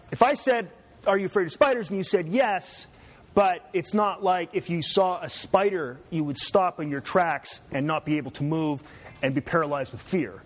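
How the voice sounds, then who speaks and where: A man giving a casual classroom lecture, often checking in with his students with "right?". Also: high-pitched. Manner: chatty, asks students "right?".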